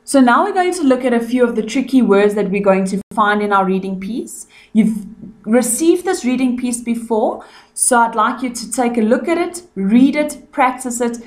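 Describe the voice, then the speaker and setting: A South African woman teacher going patiently over tricky words in a recorded lesson, explaining each one clearly. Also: on the high side, expressive, normal speed.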